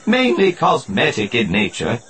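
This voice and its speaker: A man reading an audiobook voices a fussy, anxious male protocol droid with prim, overly formal speech and a breathy tone. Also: mid-range voice, wildly swooping pitch, a little slow, a bit bright, soft background music, pitched above the performer's own voice. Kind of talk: audiobook narration.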